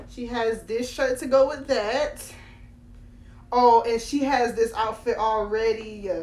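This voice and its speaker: A teenage girl from Florida excitedly unboxing on her phone, talking straight to her viewers. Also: a little high, takes it slowly. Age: late teens. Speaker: doll collector vlogger. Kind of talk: casual unboxing vlog. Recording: echoey room, faint background noise.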